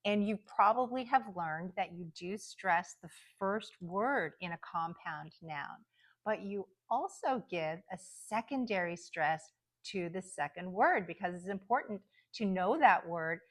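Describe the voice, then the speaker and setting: Woman slowly sounding out example words. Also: lowish voice, expressive. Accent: American. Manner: slow, drawn-out example words, clearly articulated. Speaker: American English pronunciation coach. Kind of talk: pronunciation lesson.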